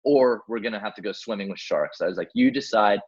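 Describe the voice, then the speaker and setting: A young man with a fairly low voice tells a war-story-style rescue tale in a relaxed interview. He acts out each exchange and sprinkles in "like" and "man" as he goes. The audio is dull and muffled. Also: fast, breathy edge. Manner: animated, acts out quoted dialogue, many fillers like "like" and "man". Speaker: guest, helicopter rescue swimmer.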